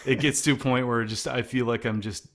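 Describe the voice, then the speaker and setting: A man's voice: mid-range voice, steady tone, brisk. A middle-aged man, singer in a band, talking casually in an interview, rambling with many restarts and fillers. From United States. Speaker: singer of a post-hardcore band.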